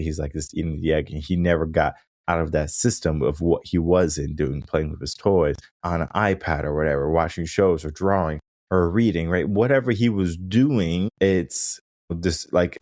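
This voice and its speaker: Deep-voiced man, casual podcast talk. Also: a little mellow, no room sound, studio quality. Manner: casual, conversational, frequent "right?" tag questions. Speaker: podcast host and mindset coach. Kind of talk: solo podcast monologue.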